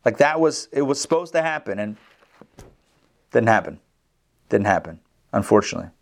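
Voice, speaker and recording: A man leads an online class on a video call, mixing explanation with lively storytelling. He acts out the people in his stories, swinging his voice up and down. His tone is relaxed and conversational. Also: lowish voice, moderate pace, gravelly. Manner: animated storyteller, acts out the characters. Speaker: rabbi teaching an online class. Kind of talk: casual lecture with storytelling.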